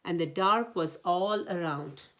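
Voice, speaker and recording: A woman storyteller reads a children's picture book aloud, gentle and expressive. Her voice is fairly low and she takes a very slow pace.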